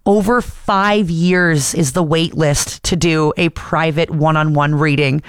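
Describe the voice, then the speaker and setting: A woman's voice: low voice, slow pace, dry recording, clean studio sound. A woman co-hosting a morning radio show, chatting at length with frequent fillers.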